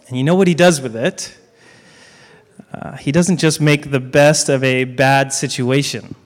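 A man's voice: medium pitch, steady tone. Man, sermon, guest preacher, emphatic repetition, joking asides, church hall reverb. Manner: emphatic, repeats key lines with dramatic pauses.

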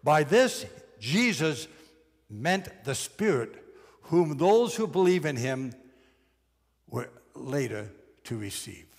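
A man preaching a sermon as pastor, emphatic and deliberate, slowing down to stress key phrases. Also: a little high, sing-song, husky, long reverb tail.

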